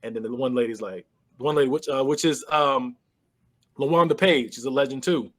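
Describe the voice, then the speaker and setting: A medium-pitched man speaks briskly as he casually retells a movie on a podcast. He's lively in his storytelling, voicing the characters' lines and breaking into laughs.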